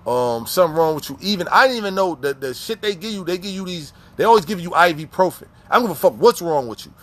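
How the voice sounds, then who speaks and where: A man casually telling prison stories in heavy profane slang, animated, with frequent restarts and repeats. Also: high-pitched, quick pace. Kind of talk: casual storytelling.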